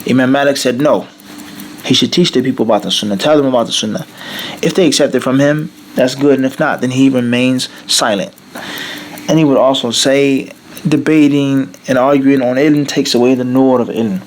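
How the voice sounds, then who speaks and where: A man's voice: mid-range voice, normal speed, a little hiss or hum. A man teaching a religious lecture, emphatic, asking rhetorical questions and weaving Arabic terms into his English. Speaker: Islamic teacher. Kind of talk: lecture explaining a classical text.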